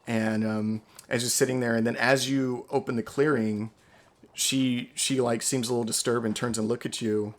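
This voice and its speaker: A man's voice: mid-range voice, flat delivery, normal speed. A man narrating a tabletop role-playing game as game master, loose and chatty, with many fillers.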